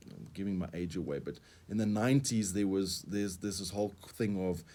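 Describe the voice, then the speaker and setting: A middle-aged South African man appears as a coaching guest in a radio talk show interview. He speaks earnestly, a little fast, in a low, dark voice. He often repeats words as he explains.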